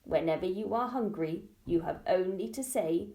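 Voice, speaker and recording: A woman voicing a kindly old woman in a storybook, speaking slowly and softly. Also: on the low side, roomy sound, lightly acted, poor audio. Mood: solemn, hushed.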